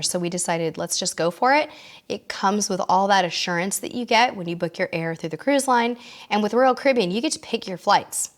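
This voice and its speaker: A woman's voice: medium pitch, brisk. A woman hosting a live-stream cruise chat, answering viewers with a tickle in her throat and coughing now and then. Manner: chatty, interrupted by coughs. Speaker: cruise vlog host.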